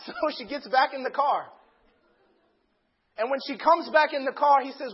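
A man preaching a sermon, swinging between loud dramatic bursts and hushed passages, and acting out the voices in a story. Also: extremely high pitch, a little slow, pauses often, highs cut off.

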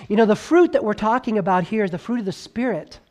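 With lively intonation, a man delivers a sermon as a pastor, his volume swinging between loud, emphatic highs and hushed lows. Key words are stretched slowly, and he drops in chatty asides and stammering restarts.

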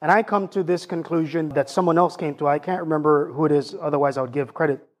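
A man preaching a sermon in an animated, conversational way, often turning to ask his congregation questions. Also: on the high side, fast talker.

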